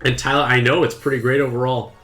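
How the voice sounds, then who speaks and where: A young man chatting playfully to his viewers while streaming a mobile game, with excited outbursts. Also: medium pitch, fast, faint music behind. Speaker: gaming streamer. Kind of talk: casual game commentary to live chat.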